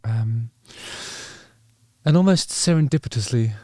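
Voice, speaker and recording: A man chatting through a song in a loose, wry way, full of ums and casual swearing. His voice sits at an ordinary pitch. The mic is close and dry. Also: lively intonation, unhurried, dark tone, no room sound. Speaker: channel host. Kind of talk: casual reaction commentary.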